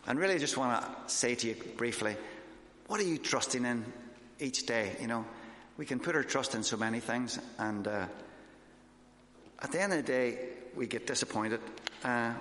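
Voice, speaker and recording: A man's voice: medium pitch, fairly bright tone, slight background noise. A man, a missionary, giving an informal sermon with his own testimony, talking conversationally with fillers and restarts. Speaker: missionary preacher. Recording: echoey hall.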